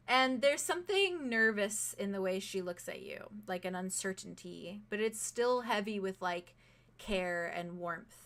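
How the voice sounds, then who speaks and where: A woman's voice: mid-range voice, animated, unhurried, a bit bright. Giggly woman running a tabletop game. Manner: chatty and giggly, full of fillers and swearing. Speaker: game master.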